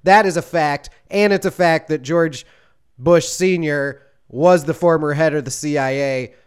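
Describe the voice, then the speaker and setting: A man's voice: on the high side, unhurried, smooth. A man co-hosting a casual comedic podcast, talking in a dry, mock-serious way and laughing often. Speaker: podcast co-host.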